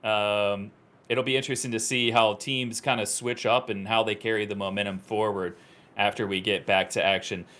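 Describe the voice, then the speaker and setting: Guy calling an esports final live, gets real excited and high-pitched on the big plays. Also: normal speed. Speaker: esports commentator. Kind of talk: live esports play-by-play commentary.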